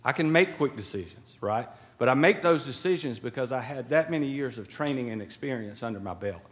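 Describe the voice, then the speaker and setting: Speaking into a podium microphone in an indoor event hall, this middle-aged Georgian man is the guest speaker at a swearing-in. His medium-pitched voice is expressive, brisk and fairly bright, and his talk is folksy and jokey with asides like a preacher's.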